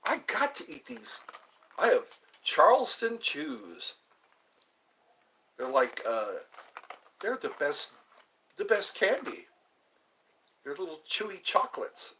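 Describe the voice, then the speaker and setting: Chatty male vlogger, slightly high bright voice, loose meandering delivery. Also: huge pitch swings, takes it slowly, pauses often. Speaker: channel host. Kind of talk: rambling casual vlog chat.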